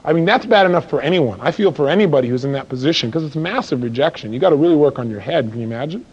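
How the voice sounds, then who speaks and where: High-voiced, animated male seminar speaker. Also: very fast, husky. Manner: animated, acts out dialogue, fires rhetorical questions. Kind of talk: live seminar talk to an audience. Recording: dull lo-fi recording.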